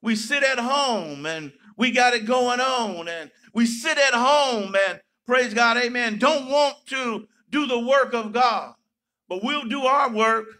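Male pastor, very high pitch, slow measured delivery, preaching with bursts of shouting. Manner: preaching with sudden shouts and playful asides. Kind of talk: sermon.

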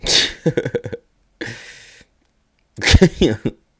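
A young man hosting a casual reaction video, excitable and swearing, full of "yo" exclamations and laughter. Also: very slow.

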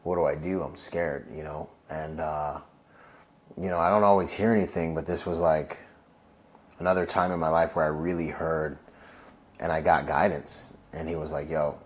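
Male Marine veteran, low register, casual interview storyteller with loose filler-heavy delivery. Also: steady tone, moderate pace. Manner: loose, heavy use of "like" and "you know"; acts out quoted voices in his stories.

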